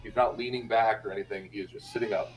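Speaking quickly with a steady tone in a lowish voice, this young Indiana man guests on a podcast. He tells a personal story casually in conversation, bluntly and candidly, and swears freely.

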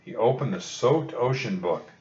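A man reading a children's book aloud in a calm, steady storytelling delivery. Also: medium pitch, moderate pace. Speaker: storybook reader. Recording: roomy dull lo-fi recording.

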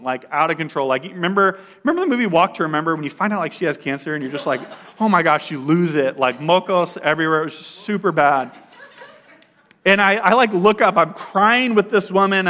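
A young man sharing a personal testimony in a casual storytelling style, full of "like" fillers and animated retelling. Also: fairly high pitch, fairly quick.

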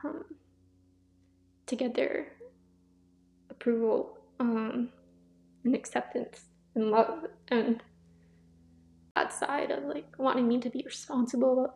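Young woman, podcast host, personal testimony, gravelly voice, narrow pitch, soft and halting. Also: fairly even intonation. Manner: soft, halting, emotional, many pauses and fillers. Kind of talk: personal testimony, casual talk.

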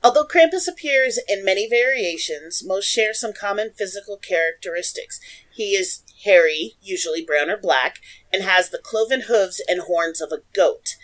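A woman's voice: mid-range voice, expressive, normal speed, fairly bright tone, rough recording. Giggly woman reading folklore notes. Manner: giggly, reads research aloud with asides. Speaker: podcast co-host.

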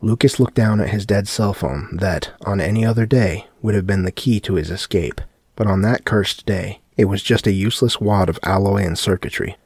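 A man narrating a dark horror story in a steady audiobook reading. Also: lowish voice, normal speed, husky, dry recording, clean studio sound.

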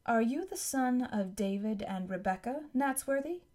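A woman reading aloud, voicing a kindly middle-aged male explorer with a gently teasing manner. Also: on the high side, animated, normal speed, natural voice.

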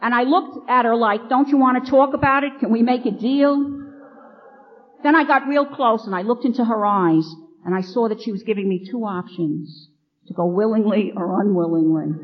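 A middle-aged nun telling her own recovery story to a meeting, acting out the lines of the people in it. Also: fairly high pitch. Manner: lively storyteller, acts out quoted lines. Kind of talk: personal recovery talk to an audience. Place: meeting hall, addressing an audience. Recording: dull lo-fi archival recording.

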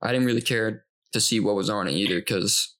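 A man's voice: on the low side, brisk, a bit bright. A young man co-hosting a podcast, telling stories in a laid-back, joking way. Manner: laid-back storytelling, gravelly. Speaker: podcast co-host. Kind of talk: casual joking chat.

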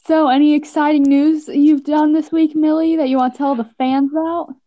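A young woman co-hosts a casual podcast, teasing the guest in a playful way. Her voice is high yet mellow. The recording is dry and slightly dull. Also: flat delivery, moderate pace, dry recording. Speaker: co-host.

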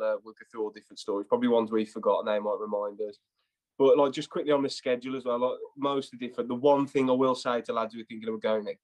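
A man's voice: medium pitch, a little mellow. A young man in his twenties, co-hosting a casual chat and telling laddish stories with plenty of swearing. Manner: laddish storytelling, swears freely. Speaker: podcast co-host.

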